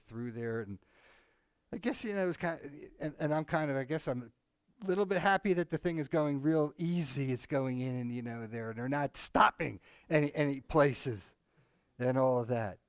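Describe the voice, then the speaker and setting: A man's voice: medium pitch, moderate pace, clear, resonant tone, no room sound. A man co-hosting a casual Bible discussion, talking in a rambling, conversational way with many asides and frequent chuckles. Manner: chuckles often, mimics others animatedly. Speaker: Bible study co-host.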